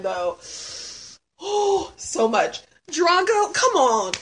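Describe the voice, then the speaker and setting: A woman in her thirties, chatting casually as a guest and answering questions with lots of laughing, swearing and sudden shouts. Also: extremely high pitch, very animated, unhurried. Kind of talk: casual chat.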